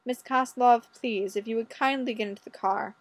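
A woman voicing a polite, patient male Canadian Mountie who speaks courteously and gently pleads. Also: fairly high pitch, steady tone, moderate pace, no room sound.

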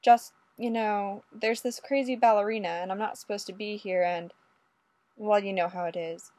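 A woman voicing a jittery young male undercover cop who talks in a halting, nervous way. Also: medium pitch, fairly even intonation, darkish tone, no echo, natural voice. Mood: flustered.

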